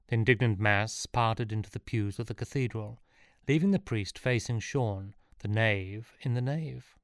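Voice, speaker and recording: A man's voice: fairly low pitch, unhurried, no echo. A man narrating a comic audiobook in a wry, dry delivery, close to the mic.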